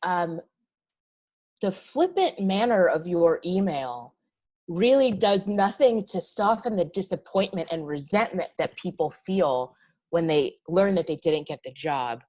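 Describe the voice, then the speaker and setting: A woman's voice: lowish voice, unhurried. Exasperated woman telling a story. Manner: animated storytelling, acting out emails with exasperation. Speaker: podcast co-host. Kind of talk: casual podcast chat.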